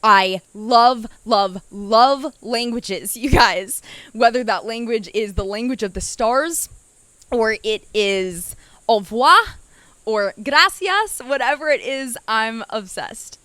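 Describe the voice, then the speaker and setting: A woman's voice: on the high side, slow, a bit bright, no echo. A young woman, hosting her own podcast and telling personal stories in a chatty, playful way that speaks straight to her listeners. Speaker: podcast host. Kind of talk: casual personal storytelling.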